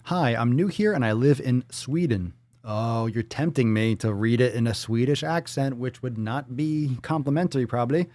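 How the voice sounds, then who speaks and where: A man's voice: mid-range voice, moderate pace, a little mellow, no room sound. Profane joking male livestream host. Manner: joking, profane and riffing off-the-cuff. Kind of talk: casual livestream chat, reading viewer donations.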